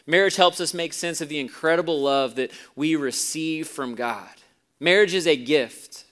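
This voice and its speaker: A man preaching to a congregation, his voice a little higher than most men's. He moves between hushed, low stretches and loud, emphatic ones, and tells stories with relish. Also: moderate pace. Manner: storytelling preacher, swings from quiet to loud. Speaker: pastor. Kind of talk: sermon.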